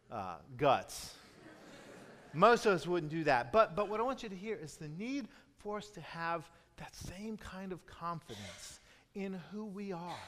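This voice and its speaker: A man preaching a sermon as a pastor, moving between loud emphatic lines and hushed, near-whispered retellings. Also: fairly high pitch, long reverb tail.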